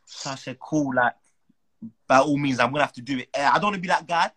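A young man, a footballer telling an animated, slang-filled story as a guest. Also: mid-range voice, fast talker, poor audio. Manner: animated, slang-heavy, acts out the people he quotes. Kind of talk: casual storytelling.

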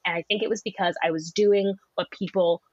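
A young woman comedian chatting on a podcast, rambling and animated, often slipping into voices. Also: medium pitch, a little fast, no echo, highs cut off. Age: young adult. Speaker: comedian guest. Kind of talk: casual podcast chat.

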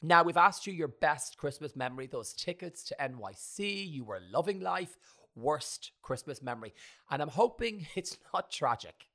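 A young man with a bright, forceful voice hosts a casual conversation. He tells stories with animated energy and teases his guest. His voice sits a little higher than most men's. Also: normal speed. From Ireland. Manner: teasing, animated storyteller. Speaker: podcast host. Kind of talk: casual chat.

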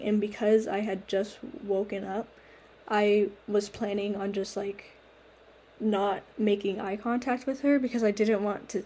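Husky young woman, casual chat, animated storytelling, laughs a lot. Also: mid-range voice.

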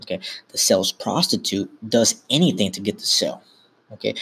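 A man's voice: lowish voice, lively intonation, fairly quick, vocal fry, fairly bright tone, breathy edge. A man hosting a podcast, talking informally and instructively in a casual monologue, often correcting himself mid-sentence. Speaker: podcast host.

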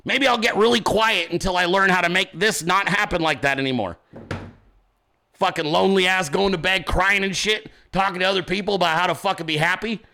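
A man's voice: high voice, a little fast, sharp tone. A man hosting his own show from a home desk, ranting in profane, combative, mocking commentary. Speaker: podcast host.

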